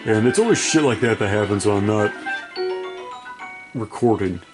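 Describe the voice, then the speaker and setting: His voice is on the low side but expressive, at a moderate pace over music. Playing a video game on little sleep, the gaming video creator gives casual, rambling commentary full of profanity and self-mockery.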